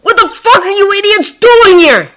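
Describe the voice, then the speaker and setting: Woman reader doing an angry growling teen boy, loud and lively. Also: high voice, normal speed, voice pushed up. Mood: furious. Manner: harsh whisper-shouting, growling. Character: furious foul-mouthed teenage boy, scowling.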